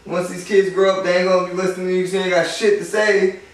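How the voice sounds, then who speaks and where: A man's voice: high-pitched, level tone, quick pace. A man reviewing an album in casual chat, rambling and profane with lots of fillers. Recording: echoey room, far from mic.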